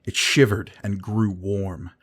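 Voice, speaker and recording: Low-voiced man narrating a fantasy audiobook. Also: fairly even intonation, fairly bright tone, slightly rough. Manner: measured, dramatic reading.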